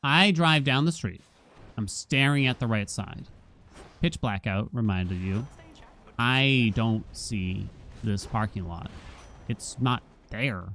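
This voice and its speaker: Lively man telling a story while gaming. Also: mid-range voice, takes it slowly, a little hiss or hum. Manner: animated storyteller, chuckles and exclaims at game moments. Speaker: gaming streamer. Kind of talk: casual gameplay commentary with storytelling.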